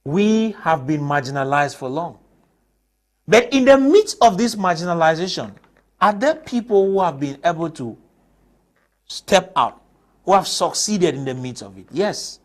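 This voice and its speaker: A man's voice: on the high side, big pitch swings, a little slow. A man from Cameroon, speaking as a panelist on a TV discussion and pressing his case with rhetorical questions. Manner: emphatic, argues with rhetorical questions. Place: TV studio.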